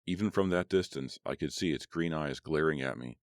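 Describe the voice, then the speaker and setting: Very deep-voiced male audiobook narrator. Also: a little fast, creaky, no room sound, clean studio sound.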